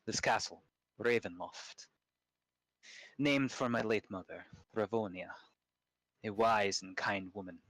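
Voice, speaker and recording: A man voicing a brooding, imperious vampire lord, speaking slowly and formally with a put-on accent. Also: on the low side, fairly bright tone, dry recording, poor audio. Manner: slow, formal, measured speech with a put-on accent.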